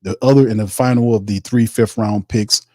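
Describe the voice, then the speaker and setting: A sports podcast host runs a casual live stream, reading out viewer comments and reacting in loose, slangy talk. His voice is lowish, steady and a little mellow, at normal speed. The audio is studio quality with no echo.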